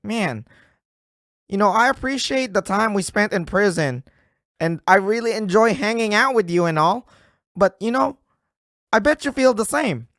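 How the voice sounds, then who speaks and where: A man voicing a scheming ex-convict watch dealer in a comedy skit, with a put-on accent and an excited delivery. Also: sits high, measured pace, no echo, studio quality, voice pushed up, heavily acted.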